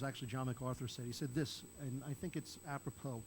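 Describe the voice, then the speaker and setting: A man's voice: medium pitch, fairly even intonation, quick pace, hardly any pauses, a little mellow, a little hiss or hum, rough recording. An older man preaching a sermon as pastor, talking to the congregation in a conversational way, asking them questions and acting out quoted lines. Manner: conversational, asks the listeners questions; acts out quoted lines in a raised voice.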